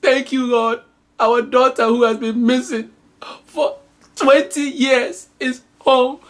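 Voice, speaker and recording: A woman's voice: high voice, measured pace, voice pushed up. A woman putting on a melodramatic weeping queen mother. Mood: tearful. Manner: melodramatic, pleading, repeats herself. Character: tearful middle-aged queen mother, overwrought.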